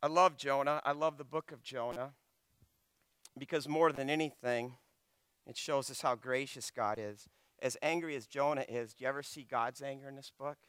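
A man preaching a sermon, swinging from loud, impassioned pleading to quiet, hushed asides. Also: medium pitch, moderate pace, clean tone, no echo, clean studio sound.

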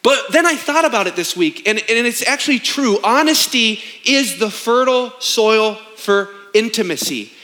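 Bright high-voiced man preaching. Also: expressive, moderate pace, hardly any pauses. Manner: emphatic and conversational, with rhetorical questions. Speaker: pastor. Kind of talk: sermon.

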